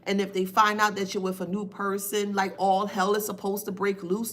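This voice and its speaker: A woman's voice: medium pitch, level tone, moderate pace, hardly any pauses, a bit bright, a little hiss or hum. A woman giving a casual spiritual reading on a live stream, emphatic and repetitive, thanking viewers by name. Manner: emphatic, repeats phrases, reads viewer names aloud.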